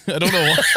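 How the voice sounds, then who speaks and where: Animated laughing man telling a story. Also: sits high, heavy background noise. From United States. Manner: animated, laughs often, swears casually. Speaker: podcast host. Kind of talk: storytelling on a casual comedy podcast.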